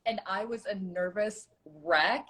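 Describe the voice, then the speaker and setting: A woman's voice: medium pitch, a little slow, sharp tone. A woman hosting a casual livestream chat, chatty and self-deprecating, telling stories about being cast. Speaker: host, former reality show contestant. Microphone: phone or laptop on a video call.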